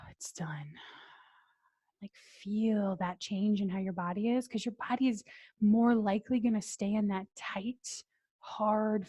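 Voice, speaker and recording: A woman business coach leading a training, deliberately talking slowly and calmly, with breathy sighs and soft whispered moments. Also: mid-range voice.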